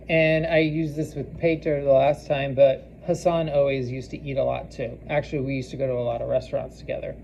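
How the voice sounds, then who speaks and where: A man giving a casual spoken language lesson, slowly repeating foreign phrases and using many fillers. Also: fairly high pitch, fairly even intonation, mellow, muffled recording, slight background noise. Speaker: language teacher.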